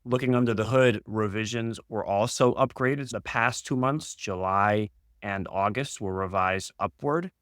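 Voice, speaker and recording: A man speaking as an economist on a podcast, reading off job figures in a steady, data-heavy way. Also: on the low side, unhurried, smooth, no room sound, clean studio sound. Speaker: senior economist. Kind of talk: podcast market discussion.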